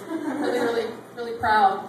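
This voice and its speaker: Her voice a little high, a thirtysomething woman rambles through self-deprecating stand-up at a comedy club. The echoey room is captured from a distant mic, and heavy background noise, including audience laughter, surrounds her.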